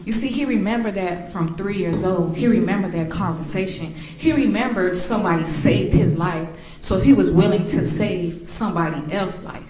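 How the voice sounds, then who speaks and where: A woman's voice: medium pitch, normal speed, a crowd in the background. Grieving mother in an echoey courtroom. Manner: emotional storytelling, acts out remembered voices. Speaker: victim's mother. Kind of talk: victim impact statement.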